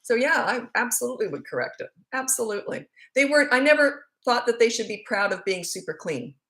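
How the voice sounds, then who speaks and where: A woman's voice: fairly high pitch, expressive, brisk, fairly bright tone, roomy sound. A middle-aged woman parenting coach answering questions in a casual, candid live Q&A, often laughing. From Canada. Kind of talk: casual livestream Q&A.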